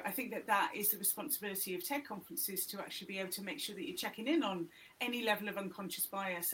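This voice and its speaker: Bright-voiced English woman in frank chat. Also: medium pitch, a little hiss or hum, low-quality recording. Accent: middle-class English. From north of England. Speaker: guest, TEDx organiser. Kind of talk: casual podcast chat.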